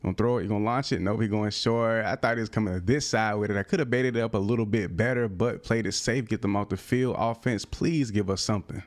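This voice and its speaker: Young male gaming creator, low voice, casual slangy play-by-play with flashes of frustration. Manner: casual slang-filled talk, bursts of excited frustration. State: out of breath. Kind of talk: live gameplay commentary.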